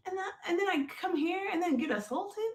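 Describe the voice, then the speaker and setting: A woman telling a personal story on a podcast, animated, calling her listeners folks and acting out the things people said. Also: very high-pitched, fairly quick. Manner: animated, addresses listeners as folks, acts out quoted lines. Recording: roomy echo.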